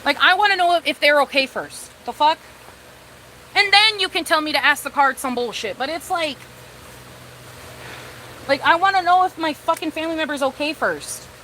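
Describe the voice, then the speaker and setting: A woman's voice: high voice, animated, normal speed, long pauses, sharp tone, a little hiss or hum. A woman doing a casual live-stream as a tarot reader, talking bluntly, swearing freely and repeating herself when irritated.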